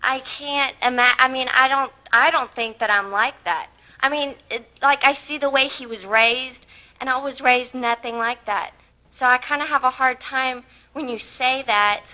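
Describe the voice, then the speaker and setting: Bright, high-pitched hesitant female student. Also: poor audio. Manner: hesitant, halting restarts. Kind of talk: asking a question in class.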